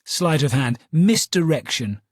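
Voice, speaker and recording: A man's voice: a little high, expressive, a little slow, no room sound. A man doing a dry, clipped detective. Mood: dry dismissive. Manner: quiet, clipped, dismissive asides. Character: dry, sharp-eyed Victorian detective man. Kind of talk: audiobook character voice.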